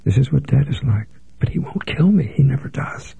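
A man's voice: medium pitch, moderate pace, vocal fry, warm tone, slightly rough. A man reading an audiobook, voicing a frightened young woman who talks in tremulous half-whispers. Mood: shaken. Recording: dry, phone-like narrow sound.

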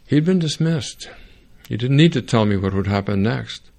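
A man narrating a first-person audiobook in a wry, sardonic way, with dry dark humor. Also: on the low side, moderate pace.

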